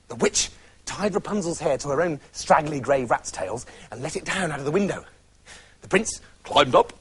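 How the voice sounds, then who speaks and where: A man narrating a fairy tale in a manic, animated comic style, with shouts and sound effects. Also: a little high, brisk. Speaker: storyteller.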